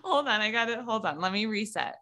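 Bright, playful woman co-host. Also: fairly high pitch, expressive, a little fast. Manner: playful, teasing, laughs a lot. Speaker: podcast co-host. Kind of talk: casual chat.

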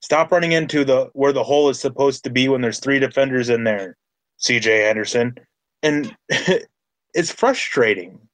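A man with a mid-range voice hosts a casual sports podcast. He speaks with enthusiasm and stacks repeated phrases as his excitement rises. The sound is dry and close. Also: mid-range voice, normal speed, no room sound. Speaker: podcast host.

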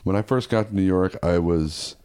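Animated man telling stories. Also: deep voice, moderate pace, smooth. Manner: animated storyteller acting out quotes. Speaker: comedian guest. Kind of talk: casual storytelling chat.

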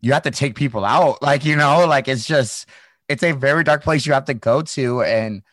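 A man's voice: medium pitch, normal speed, fairly bright tone, dry recording. A young man from the Midwest, a former fighter hosting a casual chat, rambling through stories with swearing and laughter. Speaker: podcast host, former fighter.

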